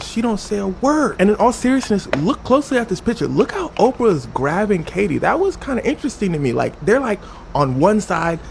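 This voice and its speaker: A man spins a comedic story in loose slang, his pitch bouncing around constantly. His voice carries a gravelly rasp throughout. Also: slight background noise. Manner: animated, slangy retelling.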